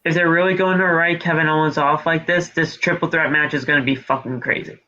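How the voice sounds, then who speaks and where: A high, bright-toned man talks through a wrestling show on a podcast, swearing freely and recapping the action move by move. The audio is dull and lo-fi. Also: fairly quick. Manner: profane, animated play-by-play recapping. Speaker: podcast co-host. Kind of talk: casual wrestling recap chat.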